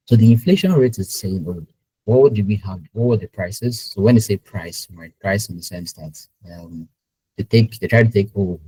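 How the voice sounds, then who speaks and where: Deep, husky man teaching online. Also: warm tone, rough recording. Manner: conversational, asks the audience questions and tags lines with "right?". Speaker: webinar presenter, business intelligence specialist. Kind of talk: live online teaching webinar.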